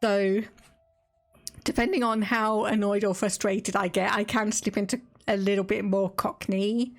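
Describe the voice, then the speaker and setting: A woman's voice: mid-range voice, fairly even intonation, unhurried, soft background music. A woman with an Estuary English accent from England, chatting casually and laughing as she streams a strategy game and reads game text aloud. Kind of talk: casual live-stream gameplay commentary.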